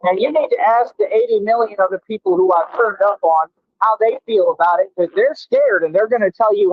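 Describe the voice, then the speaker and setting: A brash, boastful man rants at his critics in a high, confrontational voice. The sound is tinny and phone-like, and very dry with no room around it. He drags out words slowly when he wants them to land. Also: dry recording. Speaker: radio show host. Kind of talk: combative live-stream rant at commenters.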